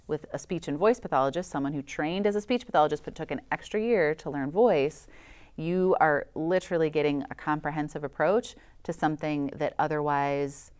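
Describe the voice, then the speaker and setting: Woman, low voice, smooth tone, voice specialist guest, enthusiastic explainer. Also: a little fast, darkish tone. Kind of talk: interview, explaining.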